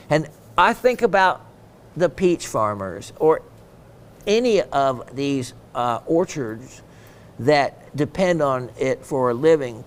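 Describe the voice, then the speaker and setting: A man hosting a gem shopping show, chatting casually and reading viewer messages aloud, with plenty of ums and uhs. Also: fairly high pitch.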